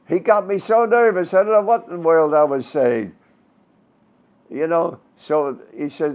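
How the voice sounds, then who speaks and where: An old man in his nineties from Brooklyn spins showbiz stories in a casual interview, building each one to a punchline. His voice is gravelly and sits a little high, and the recording sounds dull and lo-fi. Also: animated, measured pace. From Brooklyn, New York. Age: 90s. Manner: anecdotal, showbiz raconteur with punchlines.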